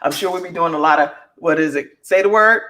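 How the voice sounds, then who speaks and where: A woman's voice: on the low side, brisk, sharp tone. A woman hosting a live talk show; she is encouraging and playful and speaks straight to her viewers. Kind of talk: casual live-stream hosting.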